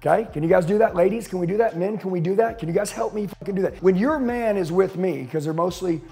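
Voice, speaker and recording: Male sales coach, fired-up and foul-mouthed, fairly high and warm, faint music underneath. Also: quick pace, creaky. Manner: profane, intense, punchy. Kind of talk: motivational talk to an audience.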